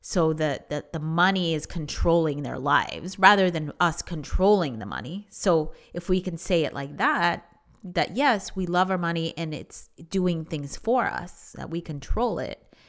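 A woman's voice: fairly low pitch, lively intonation, a little slow. A middle-aged woman giving an earnest, casual motivational talk, repeating herself and restarting her sentences often. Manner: earnest, repetitive, many restarts and fillers. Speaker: speaker on affirmations.

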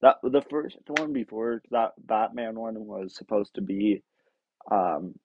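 Man, podcast host, rambling, self-deprecating, slow, muffled lo-fi sound. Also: fairly low pitch, vocal fry, husky, no room sound. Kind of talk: casual chat.

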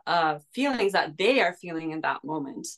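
A woman's voice: sits low, animated, normal speed, slight background noise. A woman hosting an interview, talking in a casual, reflective way with many fillers. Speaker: show host. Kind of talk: interview conversation.

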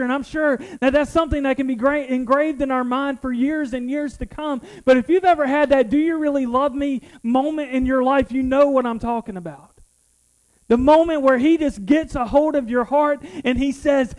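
A middle-aged man with a strikingly high voice preaches an earnest, personal sermon. He often stumbles and repeats words as he restarts a thought. He sounds like a pastor talking to his own congregation. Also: moderate pace, rough recording.

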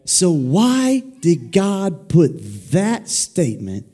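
A man preaching an energetic sermon in a church sanctuary, his voice sitting a little high and swinging widely up and down. He is playful and animated, keeps calling the congregation to say words back to him, and mixes jokes with teaching. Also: drawn-out words, husky, faint music behind. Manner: animated, playful, prompting the crowd to repeat words. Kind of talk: energetic sermon with call-and-response.

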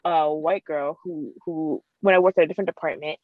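A woman's voice: low voice, fairly even intonation, brisk, no room sound. A woman in casual chat, talking bluntly and swearing freely. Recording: dry, dull lo-fi sound.

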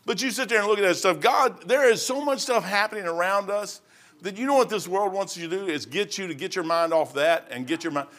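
A middle-aged man preaching an informal, rambling sermon, folksy in manner and rising to loud, emphatic bursts. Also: sits high, brisk.

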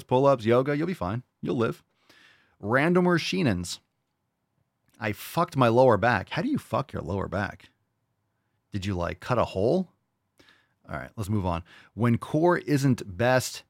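A man's voice: mid-range voice, creaky, no room sound, studio quality. A man hosting a podcast and answering listener questions in casual chat, blunt and profane, mocking with disbelief. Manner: blunt, profane, mock-incredulous.

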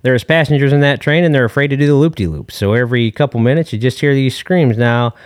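A man's voice: mid-range voice, quick pace, dry recording, studio quality, lightly acted. A man playing a long-winded, folksy dad calling in to a comedy podcast, rambling with fillers and corny jokes. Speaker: caller. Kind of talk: comedic call-in character bit.

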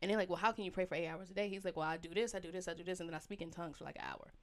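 Animated woman telling faith stories. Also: on the low side, rapid-fire. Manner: animated storyteller, acts out her own past reactions. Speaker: podcast co-host. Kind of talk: casual faith chat.

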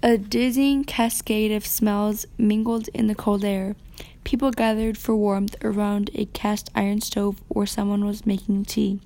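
A woman reading a novel chapter aloud for a podcast, pausing to comment on the story. Her delivery is soft and often half-whispered. The voice is mellow and dark in tone. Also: mid-range voice. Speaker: student reader.

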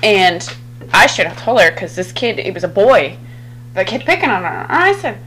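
A woman's voice: medium pitch, expressive, normal speed, a bit bright, a little hiss or hum, low-quality recording. A woman hosting a podcast in casual chat, talking bluntly and swearing freely. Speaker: podcast host.

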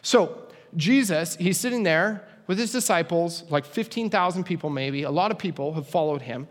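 A man's voice: fairly high pitch, lively intonation, moderate pace. A young man preaching a casual, conversational sermon with humorous asides. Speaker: pastor. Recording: long hall reverb.

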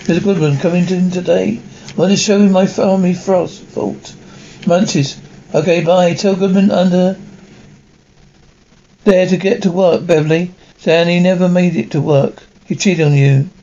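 Solo male performer, higher-pitched mellow voice, hops between many comic character voices. Dull lo-fi recording. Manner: switches rapidly between character voices and sound effects. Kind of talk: one-man comic voice acting of many characters.

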